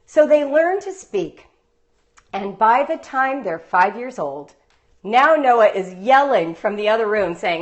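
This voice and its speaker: Lively woman homeschool writing teacher on a phone stream, higher voice, storytelling and asking the audience stuff. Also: slow pace. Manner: animated, playful storytelling with rhetorical questions. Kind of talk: live-streamed teaching talk with anecdotes. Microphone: phone livestream.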